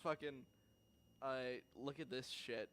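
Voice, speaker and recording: A male podcast co-host in casual chat, excitable, quick to laugh and swear. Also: medium pitch.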